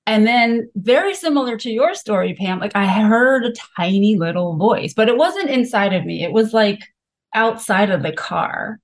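A woman's voice: fairly high pitch, lively intonation, normal speed. A woman physician, a podcast guest, telling her own story candidly and frankly, with many filler words. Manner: frank, confessional, heavy use of filler words.

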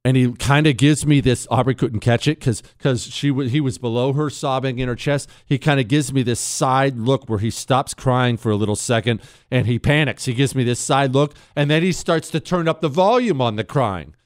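A man hosting a talk radio show, telling stories and ranting with sarcastic, animated delivery. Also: mid-range voice, normal speed, hardly any pauses, no echo, clean studio sound.

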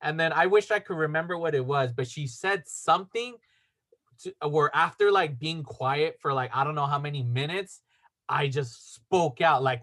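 Casually telling a story for a podcast, a man meanders with heaps of filler words and acts out what people said. His pitch is fairly high, his tone a bit bright, and his pace normal.

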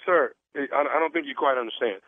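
A man making a prank phone call, posing as a salesman with an earnest pitch full of stumbles and restarts. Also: fairly quick, slight background noise. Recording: tinny phone line.

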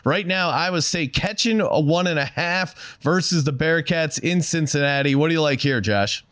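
A man hosting a sports betting show in casual, relaxed banter. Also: on the high side, moderate pace, no room sound, studio quality. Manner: laughs often, relaxed banter.

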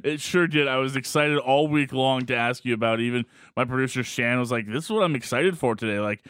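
A man's voice: mid-range voice, a little fast, fairly bright tone, smooth, no room sound. A man hosting a radio show, bantering in a friendly way with his guest. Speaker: radio host. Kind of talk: casual radio chat.

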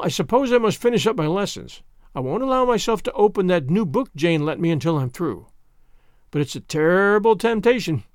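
A man's voice: sits high, no echo, clean studio sound. A man voicing a talkative, imaginative young girl who chatters earnestly and at length.

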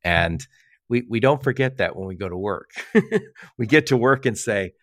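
Low-voiced guy hosting a podcast, chatty, acts out little quotes and laughs a lot, dry close sound. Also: animated, normal speed, a bit bright, dry recording. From Michigan. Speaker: podcast host. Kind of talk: casual podcast conversation.

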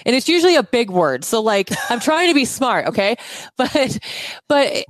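A woman's voice: a little high, sing-song, normal speed, no echo. A woman co-hosting a podcast in casual chat, earnest and rambling, often losing words and restarting, recorded indoors at her house. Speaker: podcast co-host.

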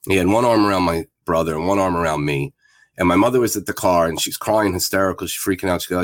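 Male guest in his fifties, deep and dry, plain-spoken candid storyteller. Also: fast, no echo. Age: 50s. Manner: plain-spoken, reflective, with frequent fillers.

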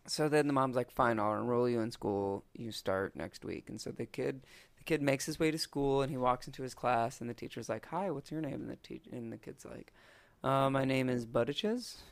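A podcast co-host retells a movie and a long joke in a rambling way. He slips into quick voices for each character. His voice is creaky and gravelly, and the sound is dry and close, with no room echo. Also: mid-range voice. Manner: rambling storyteller, acts out characters in quotes. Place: podcast recording setup.

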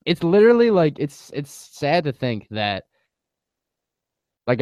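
A man co-hosting a podcast in casual chat, animated and slangy, full of fillers. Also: mid-range voice, clean tone, no room sound, lo-fi sound. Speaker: podcast co-host.

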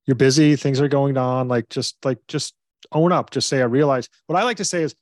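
A man, a parenting coach, giving advice as a guest in a relaxed interview, explaining in earnest with quick bursts. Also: medium pitch, dry recording, clean studio sound. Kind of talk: conversational interview.

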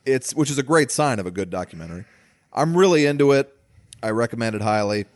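A man's voice: mid-range voice, animated, quick pace, dry recording. A man co-hosting a podcast, chatting casually and animatedly about movies and swearing freely. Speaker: podcast co-host.

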